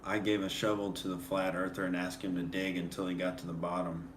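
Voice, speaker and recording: A man's voice: deep voice, little pitch movement, brisk. A man hosting a comedy podcast, joking in a casual chat and laughing often. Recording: echoey room, faint hiss.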